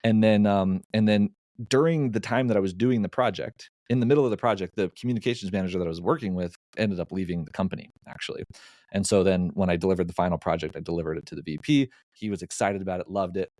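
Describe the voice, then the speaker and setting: Male podcast guest, low and dry, chatty storyteller who restarts a lot. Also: fast talker, dry recording. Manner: animated anecdote-telling with frequent restarts. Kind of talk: casual storytelling.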